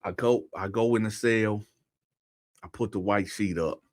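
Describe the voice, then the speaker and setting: This man shares a personal story conversationally, turning to his listeners again and again with a "right?". His fairly low voice has a darkish tone and fairly even intonation, and he takes an unhurried pace.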